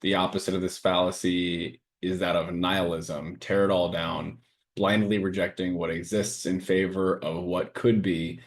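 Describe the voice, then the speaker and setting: A man co-hosting a casual podcast, talking earnestly and reading a list of sayings aloud in a steady way. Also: sits low, moderate pace. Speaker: podcast co-host and coaching business owner.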